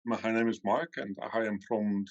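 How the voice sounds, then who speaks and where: Man panelist, long pauses between words, dry lo-fi call sound. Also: fairly low pitch, steady tone, dry recording. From Netherlands. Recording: dry, dull call audio.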